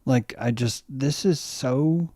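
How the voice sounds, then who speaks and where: A man co-hosting a podcast, talking in a loose, excitable way with a lot of swearing and repeated words. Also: mid-range voice, slow pace, no room sound, clean studio sound. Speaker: podcast co-host. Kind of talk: casual conversation.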